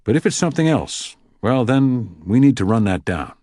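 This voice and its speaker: A man voicing a gruff, sarcastic FBI supervisor in an audiobook, brisk and clipped. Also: medium pitch, animated, darkish tone, dry recording, clean studio sound, voice pushed up, close to an everyday voice. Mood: sardonic. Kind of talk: audiobook character voice.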